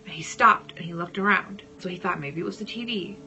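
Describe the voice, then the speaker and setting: Woman telling a story in hushed tones. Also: on the low side, a little fast, muffled recording, soft background music. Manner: dramatic, dropping into hushed whispers. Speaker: vlogger telling a personal story. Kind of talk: casual storytelling.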